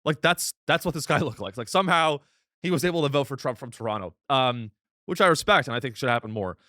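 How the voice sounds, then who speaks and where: Deadpan man doing a rambling comedic monologue. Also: mid-range voice, quick pace, dry recording, clean studio sound. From United States. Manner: rambling, deadpan, with frequent restarts. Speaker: comedian podcast host.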